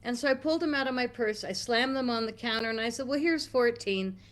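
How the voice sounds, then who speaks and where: A middle-aged American woman telling a long story in an interview, animated and acting out quotes with big jumps in pitch. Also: fast. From United States. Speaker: interview guest.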